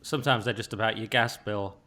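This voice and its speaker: Guy hosting a chatty podcast, talks really fast, lots of asides and restarts. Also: on the low side, steady tone, bright, forceful tone. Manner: rambling, restarts, quick asides. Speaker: podcast host. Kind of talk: casual podcast conversation.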